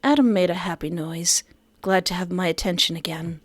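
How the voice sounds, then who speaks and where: A woman streamer reading a story game aloud and adding joking, expressive comments between lines. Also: on the low side, normal speed, soft background music.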